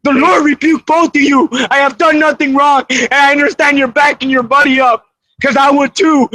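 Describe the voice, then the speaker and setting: A man's voice: extremely high pitch, steady tone, normal speed, sharp tone, dry recording, rough recording. A man in a roadside standoff, frightened and crying, pleading over and over that he is no threat. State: crying, shaken. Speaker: citizen filming a police stop. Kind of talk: pleading confrontation on camera. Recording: played video clip.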